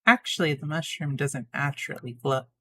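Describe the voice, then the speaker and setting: A man's voice: a little high, moderate pace, bright, forceful tone. A man voicing a chatty, know-it-all talking fox who explains things at length and corrects himself as he goes. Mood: lecturing.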